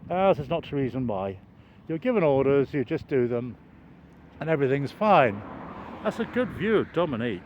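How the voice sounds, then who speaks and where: A man's voice: medium pitch, very animated, moderate pace. An older man chatting in a rambling, wry way with many fillers and restarts while walking outdoors and filming. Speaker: vlogger filming a construction site. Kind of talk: rambling walk-and-talk narration. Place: outdoors by a road, walking downhill. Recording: dull outdoor camera audio with traffic noise.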